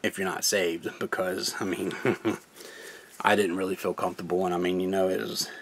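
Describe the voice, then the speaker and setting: A man's voice: low-pitched, little pitch movement, moderate pace, husky. A young man, a gaming channel host, talking casually and earnestly about his faith, rambling and laughing often. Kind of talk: casual personal testimony.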